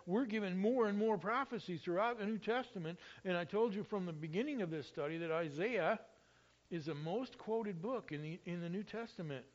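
High-voiced preacher on a dull recording. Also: male voice. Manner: expressive, rises loudly when quoting scripture. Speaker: pastor. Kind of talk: sermon.

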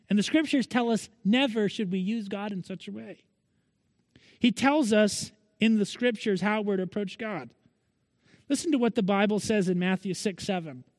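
A man's voice: very high-pitched, no room sound, long reverb tail. A male pastor preaching a Sunday sermon in an earnest manner, pressing his listeners with repeated rhetorical questions.

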